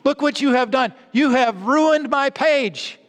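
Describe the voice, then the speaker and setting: A man voicing an exasperated father who scolds his small son in a sharp, raised voice, heard with a long hall reverb. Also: very high voice, a little slow, voice pushed up. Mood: scolding. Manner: shouting-scolding, rising and sharp.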